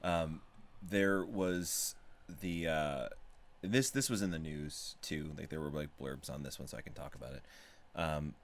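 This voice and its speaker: Very deep-voiced man telling a rambling story. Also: measured pace. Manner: rambling, animated, profane storytelling. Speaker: podcast participant, musician. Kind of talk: casual chat.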